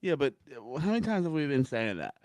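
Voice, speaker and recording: A man with an average male pitch co-hosting a sports podcast. He sounds gloomy and curses casually, hedging with fillers as he goes. The recording is dry and close. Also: very animated, fast, a little mellow, no room sound. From Philadelphia area. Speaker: podcast co-host.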